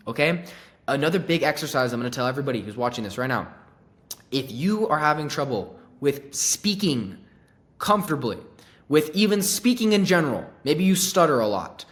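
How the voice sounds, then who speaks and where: A man coaching sales calls in a laid-back, slangy way, swearing and acting out pitch lines. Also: fairly bright tone. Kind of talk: casual teaching on sales calls.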